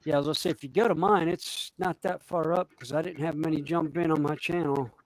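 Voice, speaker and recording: Animated high-voiced male storyteller. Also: fast talker, dry recording, low-quality recording. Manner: animated, acts out quotes in his stories. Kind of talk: casual storytelling chat.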